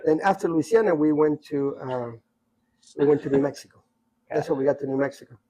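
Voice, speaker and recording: Husky older man telling stories. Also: fairly high pitch, a little fast, poor audio. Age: 60s. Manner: rambling, animated anecdotes with many asides. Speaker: podcast guest storyteller. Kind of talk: casual storytelling.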